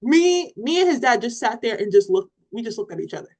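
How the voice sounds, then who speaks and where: Her voice sits a little high and moves a little fast, captured on poor audio. She co-hosts a parenting podcast and, chatting casually, tells a lively story, voicing what others said amid laughter.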